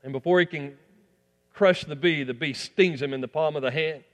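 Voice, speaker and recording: Male pastor, preaching, slightly high voice, long hall reverb. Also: moderate pace. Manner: preaching with rising emphasis and falling asides. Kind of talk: sermon.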